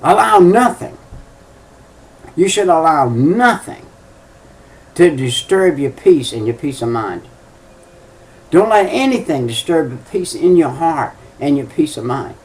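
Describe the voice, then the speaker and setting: A man's voice: fairly high pitch, animated, a little slow, long pauses, far from the mic. An older man preaching a folksy sermon, telling stories with emphatic, chuckling delivery.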